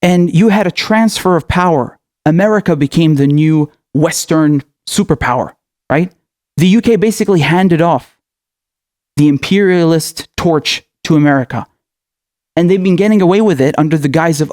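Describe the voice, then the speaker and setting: A man's voice: fairly high pitch, normal speed, darkish tone, no room sound, clean studio sound. A male political commentator in a furious, profane rant, firing off angry questions.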